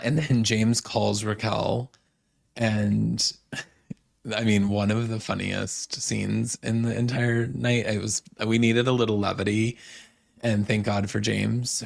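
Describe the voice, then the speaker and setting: Gravelly low-voiced man recapping casually. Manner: chatty, many fillers and quoted asides. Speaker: podcast host.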